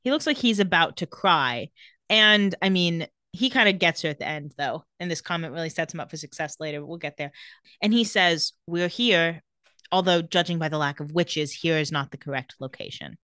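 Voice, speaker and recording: A woman's voice: lowish voice, moderate pace, dry recording. Chatty young woman recapping scenes. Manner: retells scenes, quoting characters with lively shifts. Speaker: podcast co-host recapping a TV episode. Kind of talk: casual chat.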